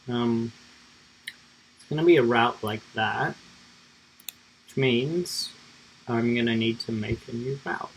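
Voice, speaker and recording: A man's voice: mid-range voice, gravelly, a little hiss or hum, rough recording. A man streaming himself coding live, thinking aloud in a rambling, casual way with lots of fillers.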